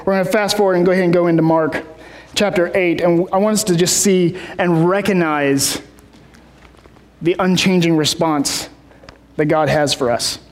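A man's voice: sits high, fairly even intonation, normal speed. A man preaching a casual sermon, rambling with many fillers and restarts, heard in a large hall.

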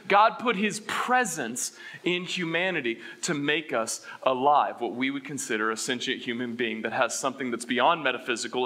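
A male pastor delivers an animated sermon in a bright, forceful voice pitched a little high for a man. He quizzes the room and swings from loud bursts to quiet, heavy lines.

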